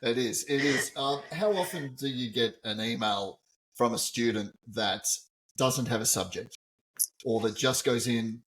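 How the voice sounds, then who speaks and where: A man's voice: medium pitch, a little slow, fairly bright tone, a little hiss or hum. A man teacher co-hosting a podcast, chatting casually and chuckling at his own jokes. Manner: chuckling, joking. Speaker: co-host, teacher.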